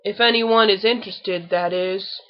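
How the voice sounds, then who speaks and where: A woman voicing a gloomy male donkey in a storybook reading, with a slow rumbling drawl. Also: fairly even intonation, lo-fi sound, close to an everyday voice.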